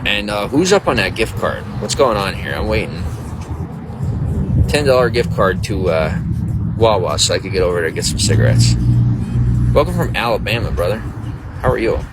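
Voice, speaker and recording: Deep-voiced man chatting on a live stream. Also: very animated, normal speed, long pauses, heavy background noise. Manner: loose, boastful and flirty, reading out viewer names. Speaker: livestreamer greeting viewers. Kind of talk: casual live-stream chat.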